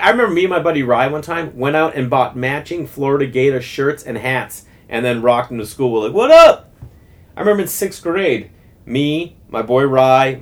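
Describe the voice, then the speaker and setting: Rambling, animated storytelling man. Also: medium pitch. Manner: rambling, animated, full of fillers and restarts. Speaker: podcast host. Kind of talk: casual storytelling monologue.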